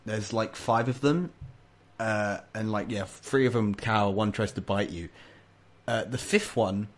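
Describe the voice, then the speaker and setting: Male game master, lowish voice, rambling and halting narration. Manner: rambling, full of restarts.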